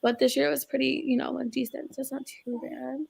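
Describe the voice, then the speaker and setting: Creaky-voiced woman reading out chat. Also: high-pitched, little pitch movement, quick pace, a little mellow. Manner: greets viewers by name and reacts to their comments. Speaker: livestream co-host reading viewer chat. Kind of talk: casual livestream chat.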